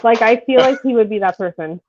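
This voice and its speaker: A woman's voice: a little high, brisk, a little mellow. Chatty woman host on a tinny line. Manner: chatty, eager, frequent back-channel yeahs. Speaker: interview host. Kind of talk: casual livestream interview. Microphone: video call. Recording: thin phone-like audio.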